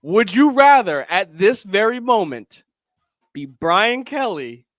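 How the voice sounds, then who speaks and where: Man, sports podcast co-host, slightly high voice, animated, dry sound. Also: slow pace, no room sound. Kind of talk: casual sports chat.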